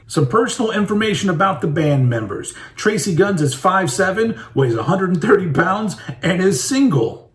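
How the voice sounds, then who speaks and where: A man's voice: a little high, recorded from a distance. A man casually commenting while opening trading card packs, irreverent and swearing freely as he reads the cards aloud. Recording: roomy echo, voice a bit off mic.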